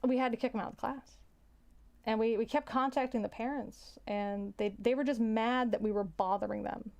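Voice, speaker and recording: A young adult woman, a teacher, telling a story in a casual, halting way, often repeating words and sighing. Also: a little high, steady tone, creaky, darkish tone.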